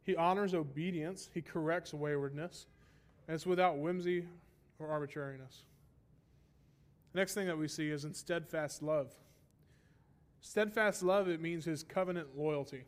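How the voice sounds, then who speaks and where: Male Bible teacher, slightly high pitch, explanatory sermon delivery with emphatic repetition. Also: normal speed, long pauses. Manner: explanatory, asks rhetorical "right?" often; stresses repeated phrases for emphasis.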